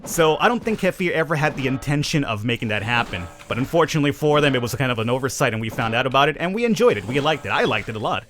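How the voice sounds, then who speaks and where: A man's voice: mid-range voice, animated, very fast, few pauses, a bit bright, soft background music. A man giving rambling, self-amused commentary over his mobile survival gameplay. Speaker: gaming YouTuber.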